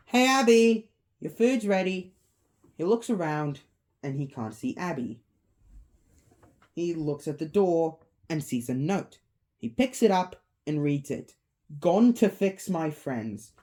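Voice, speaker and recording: Slow, mellow woman telling a story. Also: sits low. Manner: relaxed, offhand retelling. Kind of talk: casual storytelling.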